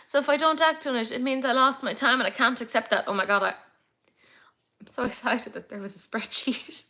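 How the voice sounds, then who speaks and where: A young woman hosting a casual makeup livestream, chatty and excitable as she reads comments. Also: fairly high pitch. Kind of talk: casual live chat reading comments.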